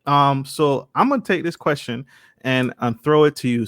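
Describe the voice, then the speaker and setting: A male podcast host speaks with eager enthusiasm and keeps turning to the listeners to stress each point. His middle-pitched voice sounds dry and close to the mic, with no room echo. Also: lively intonation, moderate pace, fairly bright tone. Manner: enthusiastic, repeats key points to the audience. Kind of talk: interview podcast.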